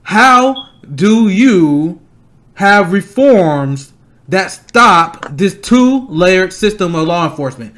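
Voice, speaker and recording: A young man hosting a political stream, angry and blunt, ranting fast and swearing often. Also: high voice, animated, a bit bright. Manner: fast, repeating himself to stress points. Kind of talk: heated political commentary.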